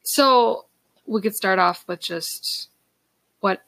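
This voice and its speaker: A woman's voice: medium pitch, slow, creaky, fairly bright tone, no room sound. A young woman co-hosting a casual podcast. She chats and giggles easily, and her voice is wearing thin. The sound is dry and close to the mic. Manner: giggly and chatty. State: losing her voice. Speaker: podcast co-host. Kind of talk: casual chat.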